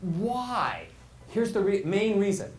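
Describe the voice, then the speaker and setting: A man teaching a live workshop as a voice coach, animated and demonstrative, asking his audience questions. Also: sits high, slow. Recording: roomy echo, faint hall ambience.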